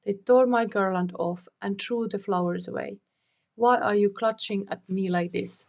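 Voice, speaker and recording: A woman's voice: mid-range voice, fairly even intonation, moderate pace, darkish tone, natural voice. A woman reading aloud, voicing a desperate young imprisoned woman who pleads frantically for her life. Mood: pleading.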